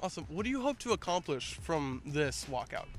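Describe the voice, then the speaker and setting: Upbeat teenage boy reporter, high voice. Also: sing-song, fairly quick, soft background music. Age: teens. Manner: upbeat, casual. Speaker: student reporter. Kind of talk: interview.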